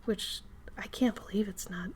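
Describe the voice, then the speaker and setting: A hoarse woman, getting over an illness, chatting casually on a live stream while she draws; her voice crackles and she often drifts into soft whispers, speaking right up close to the mic. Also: medium pitch, moderate pace. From Minnesota. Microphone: microphone close to the face.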